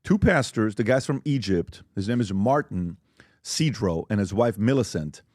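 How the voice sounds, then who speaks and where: A man hosting a podcast in casual chat, upbeat and promotional when he pitches merchandise. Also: animated, normal speed, darkish tone, no room sound, studio quality. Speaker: podcast host.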